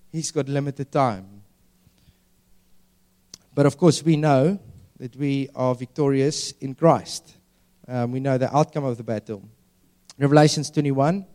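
A man preaching a sermon. His voice sits a little high for a man. He stays earnest and slows right down to stretch the words he wants to land. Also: a little mellow. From South Africa. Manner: earnest, stretches key words slowly for emphasis.

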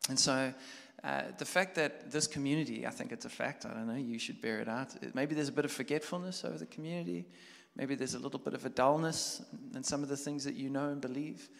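A man preaching a sermon as a pastor, talking conversationally and building from quiet reflection to loud, animated storytelling. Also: medium pitch, fast talker, creaky, few pauses. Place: church hall. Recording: long church hall reverb.

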